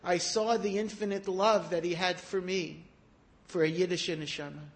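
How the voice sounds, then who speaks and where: A man giving a sermon, telling stories in an animated way that rises to emphatic peaks. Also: high voice, normal speed. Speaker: rabbi giving a talk. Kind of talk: storytelling sermon.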